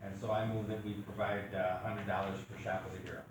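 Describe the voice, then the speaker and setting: A man making relaxed club meeting announcements, halting with fillers. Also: low voice. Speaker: club officer. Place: meeting room. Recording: very echoey room from far off, noise.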